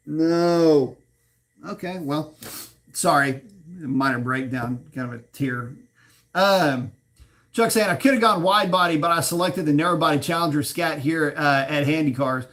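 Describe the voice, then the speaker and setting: Chatty car-show livestream host, slightly high voice. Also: male voice, fairly bright tone. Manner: chatty, reads viewer comments aloud and riffs on them; swears and laughs at his own slips. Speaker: livestream host reading chat. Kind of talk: casual live chat about cars.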